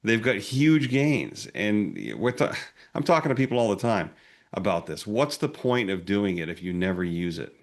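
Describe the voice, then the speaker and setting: A man's voice: on the low side, very animated, moderate pace. A man who advises clients, giving plainspoken, practical advice in a panel discussion. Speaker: financial advisor guest.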